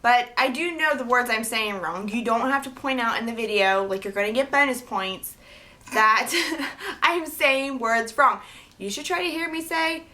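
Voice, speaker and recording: A young woman from New Jersey chats to her camera about books, her words spilling out quickly and tumbling over each other. Her voice is bright and sits a little high. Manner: fast, tumbling speech, trips over words. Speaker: book vlogger. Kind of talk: casual chat to camera.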